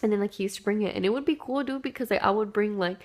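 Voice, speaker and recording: A woman's voice: mid-range voice, rapid-fire, darkish tone. A young woman telling a childhood story to her camera in a casual, chatty way, full of "like" and "dude". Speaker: vlogger.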